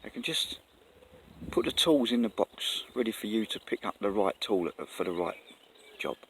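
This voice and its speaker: This earnest man vlogs casually to camera in the countryside, rambling and correcting himself. His voice is low-ish and fairly bright, with lively intonation at a moderate pace. There's faint outdoor noise and birdsong.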